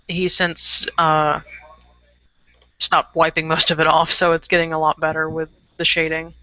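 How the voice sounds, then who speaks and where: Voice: medium pitch, completely flat delivery, measured pace, bright, forceful tone, clean tone, no echo. A co-host in a casual chat about painted miniatures, talking hesitantly with many fillers. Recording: dry lo-fi sound.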